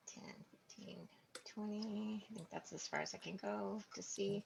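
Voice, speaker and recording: A woman's voice: medium pitch, fairly even intonation, a little slow, creaky, a little mellow, slight background noise. A woman playing in a tabletop game, chatting casually, thinking aloud and counting squares under her breath. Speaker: player.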